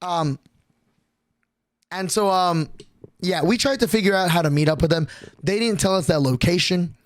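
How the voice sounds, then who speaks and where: A young man chats to his stream audience in a loose, rambling way, tripping over his words and swearing freely. His voice sits a little high for a man, and the sound is dry and close with no room echo. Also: normal speed. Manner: rambling, profane, many restarts and fillers. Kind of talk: casual stream chat, storytelling.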